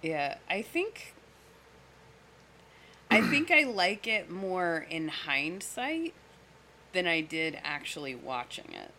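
Giggly woman with a low voice, lots of likes and ums, faint background hiss. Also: big pitch swings, slow pace, pauses often, sharp tone. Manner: giggly, hesitant, lots of fillers. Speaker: podcast co-host. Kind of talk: casual movie review chat.

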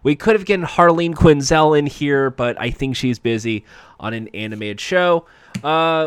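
A man's voice: medium pitch, fairly bright tone, smooth, no echo. A man giving a sarcastic, profane, rambling comedic recap of a TV episode.

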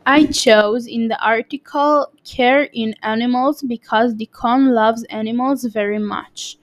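A woman reading a book report aloud slowly and carefully, with small slips and restarts. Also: on the high side, fairly even intonation, low-quality recording. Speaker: student presenting a book report. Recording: clear background noise.

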